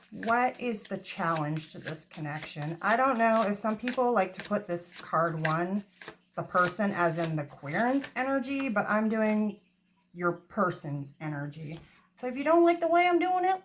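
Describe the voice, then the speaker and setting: A woman's voice: mid-range voice, background noise. Chatty, swearing woman tarot reader. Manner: chatty, swears freely, laughs at herself. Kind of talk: casual tarot reading. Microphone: phone camera.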